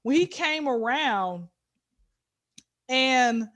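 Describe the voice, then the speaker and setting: A high-voiced woman from Georgia, USA, appears as a comedy guest and tells casual stories. Her delivery is animated and joking, breaking into loud bursts of emphasis, and she speaks extremely slowly.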